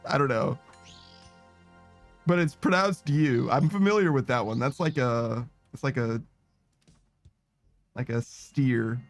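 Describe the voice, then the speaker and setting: Male game streamer, higher-pitched, casual and rambling, cursing and laughing, faint music under. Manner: rambling, swears often, laughs a lot, reads chat aloud. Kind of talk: casual livestream chat.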